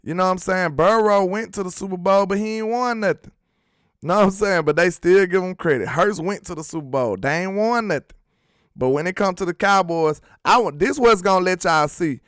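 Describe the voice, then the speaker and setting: Smooth-voiced man hosting sports talk. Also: high voice, a little fast, a bit bright, no room sound, studio quality. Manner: slangy and emphatic, worked up about his team. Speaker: sports talk show host. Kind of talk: casual livestream chat reading viewer comments.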